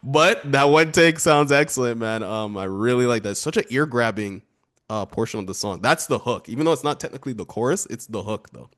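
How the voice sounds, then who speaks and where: A man's voice: medium pitch, fairly quick, a bit bright. A man co-hosting an album review show, chatting casually and laughing often as he reads lyrics aloud. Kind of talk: casual music review chat.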